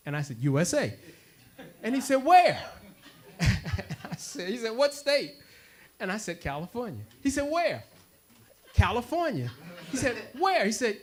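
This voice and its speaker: A man with a slightly high voice speaks to a congregation in an animated storytelling style. He laughs often and acts out both sides of a conversation. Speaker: worship speaker.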